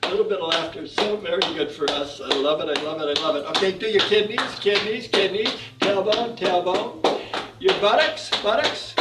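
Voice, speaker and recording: A man leading a guided exercise class, calm and encouraging as he counts out the moves. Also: high voice, a little fast, heavy background noise. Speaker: fitness instructor. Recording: echoey room, mic far off.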